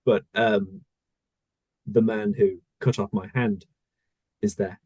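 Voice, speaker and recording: A man talks through his thoughts at an easy pace, often stopping to find the right word. His voice sits a little low. The recording is dry, with no room sound. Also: fairly even intonation, a little mellow, breathy edge, no echo. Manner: thoughtful, searching for words with many pauses. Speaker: voice actor. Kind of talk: casual conversation.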